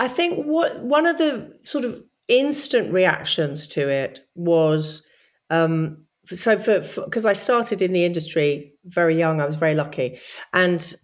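A middle-aged woman chatting in an interview, an animated storyteller who acts out quoted voices in a high sing-song. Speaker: guest. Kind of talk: casual interview chat.

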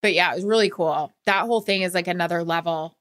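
A woman on a podcast telling a heartfelt story in casual chat, emotional and animated. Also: on the low side, fast, no echo, clean studio sound. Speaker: guest.

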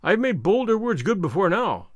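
A man voicing a bold, boastful Highland piper, cool and cutting, while reading a novel aloud. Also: very animated, fairly quick, dry recording, studio quality. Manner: cool, cutting, self-assured.

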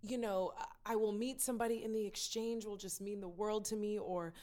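A woman's voice: mid-range voice, steady tone, a little fast, dark tone. A woman talking candidly and emotionally in a casual conversation, laughing and tearing up easily as she opens up.

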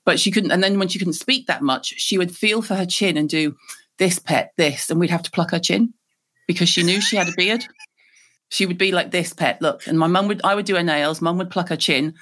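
A middle-aged woman from Liverpool with a Scouse accent, a guest telling lively stories in a podcast interview. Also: on the low side, fairly quick. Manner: lively, animated storyteller.

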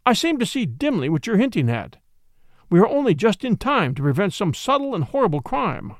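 A man's voice: sits high, big pitch swings, fairly quick, dry recording, clean studio sound, pitched above the performer's own voice. A man voicing a loyal, earnest male doctor who questions and puzzles things over.

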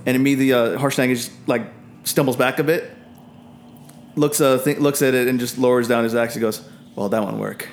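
A man narrating as dungeon master, halting with fillers and restarts. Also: medium pitch, fairly even intonation, slight background noise. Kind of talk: narrating a tabletop game.

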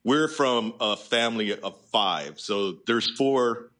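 Casting: male co-host, slight Philly accent, bright, forward voice, talkative and playful, quick to jump in. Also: lowish voice. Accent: slight Philadelphia. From Philadelphia. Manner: chatty, joking, quick to jump in. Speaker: podcast co-host. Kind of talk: casual podcast chat.

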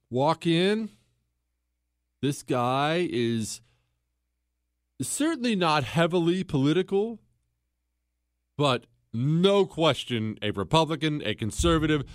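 A man's voice: a little high, no echo, clean studio sound. A man hosting a talk show monologue, telling a story in a conversational way and quizzing listeners with emphatic questions. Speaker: host.

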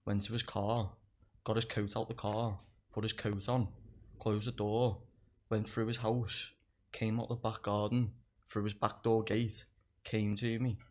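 A man's voice: lowish voice, little pitch movement, unhurried, darkish tone. A young man, a comedian guest on a podcast, telling stories in casual chat, swearing freely and laughing as he goes. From England. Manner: laughs through his stories, swears a lot.

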